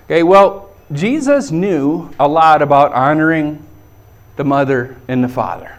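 Chatty pastor, higher-pitched man. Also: measured pace. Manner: conversational, chuckling, says "okay" often. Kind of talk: sermon.

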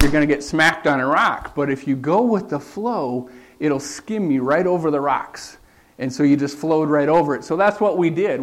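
Chatty man telling a travel story. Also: on the high side. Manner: conversational, with frequent "okay" and restarts. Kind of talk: storytelling talk with slides.

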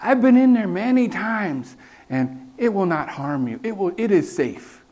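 An easygoing local bush pilot with a Guyanese accent, calm and reassuring, repeating himself to settle a nervous visitor, as a male storyteller puts him on. The voice sits noticeably higher than the teller's own. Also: unhurried, exaggerated voice.

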